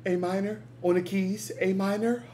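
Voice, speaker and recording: A man hosting a music reaction from his room at home, excitable and crude, breaking into loud bursts and laughter. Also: high-pitched, moderate pace, noisy background. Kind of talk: animated reaction commentary.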